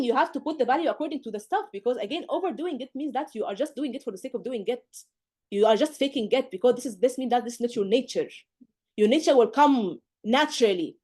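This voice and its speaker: Brisk, slightly high woman tutor, emphatic, scolding, rhetorical. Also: a little mellow. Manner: emphatic, scolding, rhetorical questions, acts out student mistakes. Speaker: medical exam tutor. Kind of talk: live online lecture.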